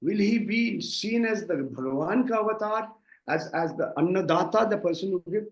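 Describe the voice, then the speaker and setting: A political analyst with an Indian English accent gives impassioned interview commentary in a high-sitting male voice at normal speed, with reverb. He speaks emphatically and often repeats words when starting a thought.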